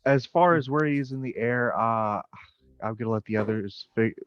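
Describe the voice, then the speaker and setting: A man playing a tabletop game, calmly describing his character's actions. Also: mid-range voice, moderate pace, clear, resonant tone, no echo. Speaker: player. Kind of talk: tabletop role-play. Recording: dry, muffled mic.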